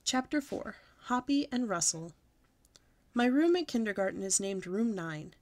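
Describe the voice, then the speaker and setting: A woman at storytime, reading a children's book aloud in a lively, childlike first-person way. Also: mid-range voice, unhurried. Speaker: storytime reader.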